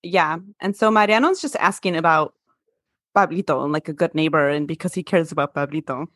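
Laid-back lady co-host, low voice, dead dry room. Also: brisk, dry recording. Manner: relaxed, agreeable, lots of yeahs. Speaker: podcast co-host. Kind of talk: casual chat.

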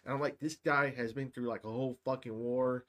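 A man's voice: mid-range voice, a little fast. A middle-aged man co-hosting a casual chat, telling stories with heavy swearing and frequent "right?". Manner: profane, animated storytelling with lots of "right?". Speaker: podcast co-host.

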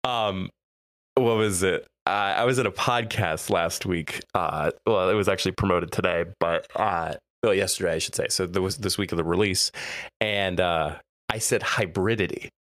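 In clean, studio audio with no room sound, a low-voiced young man speaking at normal speed co-hosts a laid-back podcast. Reading list entries, he reacts with frequent laughter and recites quotes in a mock-serious tone.

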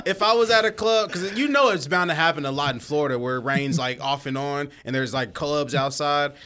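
A man's voice: fairly high pitch, a little fast, pushed and bright, smooth. A man co-hosting a podcast, asking ribbing questions and chuckling in casual chat. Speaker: podcast co-host.

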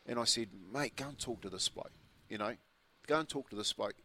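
A man's voice: mid-range voice, fairly quick, pushed and bright. A New Zealand man in his fifties, a breakfast radio co-host telling a rambling story with restarts in casual chat. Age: 50s.

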